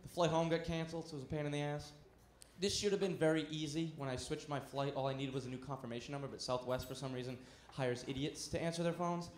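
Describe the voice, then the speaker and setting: A man's voice: on the high side, fairly even intonation, fast talker, a little hiss or hum. A man doing a stand-up comedy set on a club stage, brash and punchy, with audience laughter behind him. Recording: echoey club with crowd.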